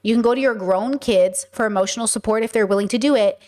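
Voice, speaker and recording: A blunt woman streamer with a slightly high voice gives casual, opinionated commentary. She talks emphatically and keeps repeating her point until it lands. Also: quick pace, a little mellow. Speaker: streamer and host.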